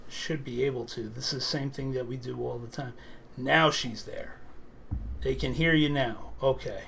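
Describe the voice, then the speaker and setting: A man co-hosting a live stream, relaxed and reassuring as he hands the floor to a caller. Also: mid-range voice, moderate pace, vocal fry, slight background noise. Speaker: co-host. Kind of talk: live stream casual chat.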